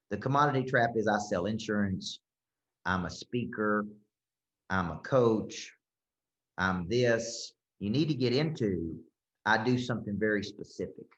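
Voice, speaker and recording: A man coaching a group, speaking emphatically and checking in often with "okay?" and "right?". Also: on the low side. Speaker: business coach. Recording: roomy, slightly dull sound.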